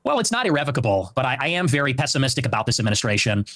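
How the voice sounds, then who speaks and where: A man's voice: medium pitch, very animated, rapid-fire, fairly bright tone. A man answering as an interview guest, giving assertive political commentary.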